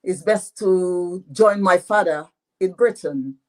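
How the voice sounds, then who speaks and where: A woman in her eighties with a Dominican French patois accent, telling her own story as an author guest, slow and full of "you know" fillers. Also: fairly low pitch, a little mellow, low-quality recording. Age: 80s. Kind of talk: interview answers.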